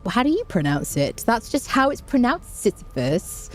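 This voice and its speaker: A woman's voice: fairly high pitch, very animated, moderate pace, faint music behind. A woman chatting casually on a game stream, reading viewer messages aloud and laughing often. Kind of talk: casual live-stream chat while gaming.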